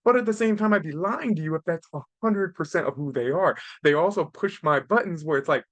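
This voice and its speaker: A man's voice: a little high, fairly quick, no room sound. A man in his thirties hosting a podcast, giving casual parenting advice in an earnest way and ending point after point with "right?". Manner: earnest, tags nearly every point with "right?". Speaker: podcast host.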